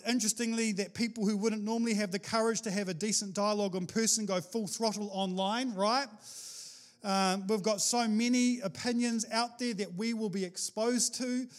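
A man preaching a sermon as pastor, animated and jokey, with sudden exclamations to the congregation. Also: high voice.

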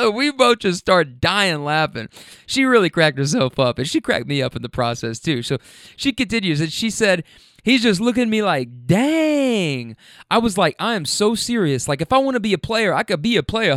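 A man telling a casual anecdote, animated and acting out the people he quotes. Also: high-pitched, no echo, studio quality. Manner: animated, quoting others in shifting voices. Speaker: storyteller.

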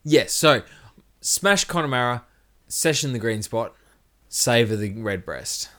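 Animated man co-hosting a whisky chat. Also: mid-range voice, unhurried. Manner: animated, restarts and self-corrections. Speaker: podcast co-host. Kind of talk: casual whisky podcast chat.

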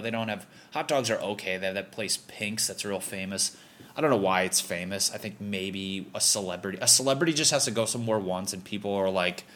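A man's voice: fairly low pitch, a bit bright. A young man from Connecticut hosting a podcast, delivering a profane, rambling comedic rant. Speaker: podcast host.

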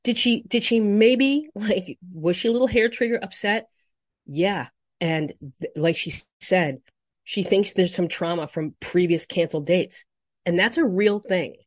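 A woman hosting a solo dating podcast, reacting with frank, profane indignation and swinging between quiet emphasis and loud outbursts. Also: sits low, no room sound, clean studio sound. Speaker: dating coach podcast host.

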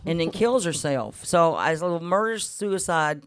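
A woman in her fifties, a guest musician on a radio show, telling lively stories with frequent laughs and little voice impressions. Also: lowish voice, normal speed. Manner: warm laughing anecdotes, mimics voices. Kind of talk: chatty storytelling interview. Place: radio studio.

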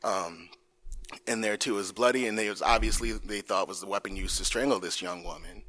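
A man co-hosting a true crime podcast, recounting a case in casual chat, halting, with many fillers and jokey asides. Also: lowish voice, sharp tone. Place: in front of a live audience.

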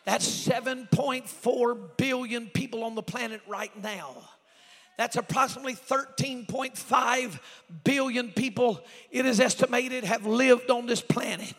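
A high, bright-toned man preaching a revival sermon. His voice is gravelly and husky, shouting one moment and dropping to a near hush the next. A long church reverb trails every phrase. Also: unhurried. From Oklahoma. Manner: swings from shouted exhortation to hushed storytelling. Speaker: evangelist. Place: church sanctuary.

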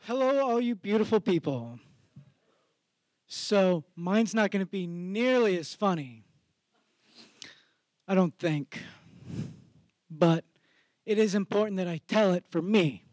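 A man telling a serious personal story on a theater stage in a measured, reflective way. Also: sits high, lively intonation, a little mellow, no echo.

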